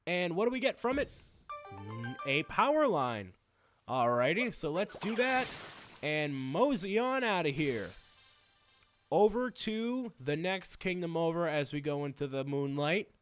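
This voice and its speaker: A man's voice: fairly high pitch, sing-song, measured pace, faint music behind. A man hosting a video game playthrough, rambling through jokey, self-mocking commentary. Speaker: host.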